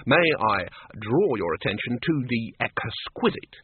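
A man's voice: mid-range voice, big pitch swings, a little slow, phone-quality sound, slight background noise. A man doing a stammering gem merchant. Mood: salesman anxious. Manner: stammering, salesman-smooth. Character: anxious male gem merchant.

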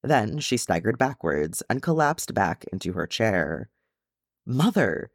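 A man reading fan fiction aloud as an audiobook, narrating in an expressive storytelling way. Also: fairly low pitch, measured pace, dry recording, clean studio sound. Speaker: audiobook reader.

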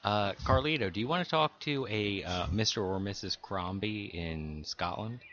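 A man's voice: lowish voice, normal speed, fairly bright tone. A man in casual chat among prank callers, crude and taunting. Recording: dull lo-fi recording.

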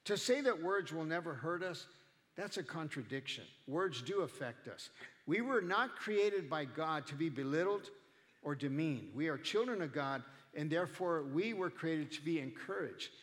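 A man's voice: fairly high pitch, expressive, normal speed, a bit bright, big-room sound. A male pastor preaching a sermon in a conversational way, acting out the people he quotes. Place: church.

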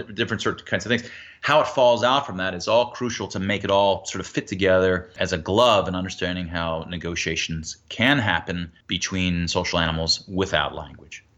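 A man being interviewed as an author, explaining ideas in an animated way with frequent restarts. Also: sits low, dull audio. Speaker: author guest. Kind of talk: interview answer.

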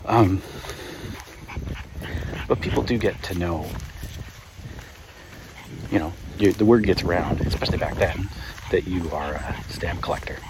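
A man's voice: deep voice, moderate pace, long pauses. A man hosting his own podcast, chatting in a casual rambling way with lots of fillers and laughs, a little out of breath as he walks his dog outdoors. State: out of breath while walking. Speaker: podcast host. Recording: outdoor field recording with noise. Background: dog and outdoor ambience.

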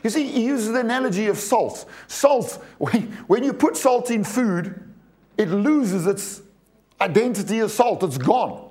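High-voiced preacher. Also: male voice, animated, a little slow, a little mellow. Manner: emphatic, repeats words, asks the congregation questions. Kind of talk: sermon.

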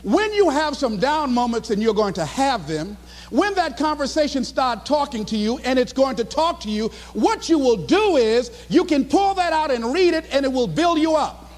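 A man's voice: very high voice, sing-song, moderate pace, darkish tone, in a large hall. A man giving a live motivational speech, emphatic and repetitive as he exhorts the audience. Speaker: motivational speaker.

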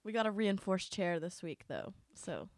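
A woman co-hosting a podcast, with a voice of middling pitch. She talks in a chatty, playful way and giggles often. The recording is dry and close. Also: big pitch swings, normal speed, no room sound. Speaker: podcast co-host. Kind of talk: casual chat.

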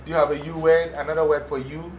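A man with an African accent speaks to a class of schoolchildren in a fairly high voice. He lays out his points emphatically, repeats them and keeps asking whether everyone understands. Faint room noise sits under his voice. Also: level tone, fast talker. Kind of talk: motivational classroom talk.

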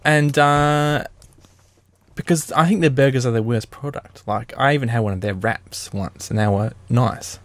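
A man's voice: mid-range voice, moderate pace, dry recording. A man co-hosting a podcast, talking enthusiastically and rambling in a casual chat. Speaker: podcast co-host.

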